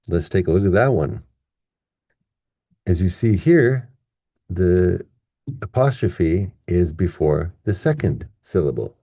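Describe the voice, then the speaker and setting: A man teaching English pronunciation in a casual online lesson, chatty and relaxed, drawing words out slowly to demonstrate them. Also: low-pitched, no echo, studio quality.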